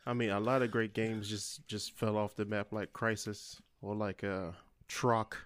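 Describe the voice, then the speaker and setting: A man co-hosting a casual podcast, relaxed and moving the talk along. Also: on the low side, unhurried, no room sound. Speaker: podcast co-host. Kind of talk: casual chat.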